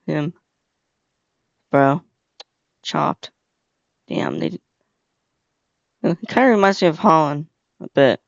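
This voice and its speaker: A young man talks slowly and rambles through a casual reaction video, full of slang and fillers. His voice is gravelly yet smooth. The recording sounds dull and dry. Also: fairly high pitch, lively intonation, no echo.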